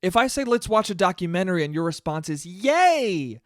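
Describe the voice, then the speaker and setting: A young man hosting a solo podcast, telling stories in a sarcastic, animated way and mocking people with quoted voices. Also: high voice, fast, no echo, studio quality. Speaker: podcast host. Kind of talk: solo comedic podcast rant.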